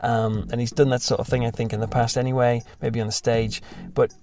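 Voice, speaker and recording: A man's voice: mid-range voice, flat delivery, a little fast, darkish tone, slight background noise. A young man, a pastor, talking casually and reflectively, self-deprecating and sometimes mimicking other voices.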